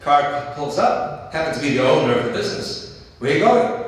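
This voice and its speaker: A man's voice: fairly high pitch, sing-song, normal speed, soft background music. A middle-aged man giving a speech at a dinner. He tells personal stories earnestly and repeats key phrases for emphasis. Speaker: dinner speaker. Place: large banquet hall. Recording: echoey hall, voice from far off.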